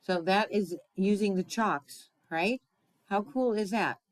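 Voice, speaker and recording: A woman with a mid-range voice speaks slowly on a rough recording with no room sound. She hosts a chatty card-making tutorial, often checking in with "right?" and laughing at her own slips.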